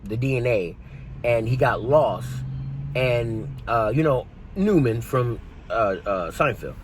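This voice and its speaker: A man giving a casual, jokey movie review that retells the plot in an animated way. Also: mid-range voice, slow pace, background noise.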